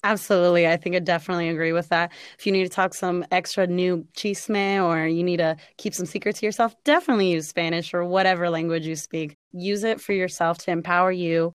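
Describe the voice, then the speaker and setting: A woman from Los Angeles with a Californian accent, talking fast and projecting loudly in a casual podcast chat. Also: lowish voice, smooth, no room sound, clean studio sound. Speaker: podcast guest.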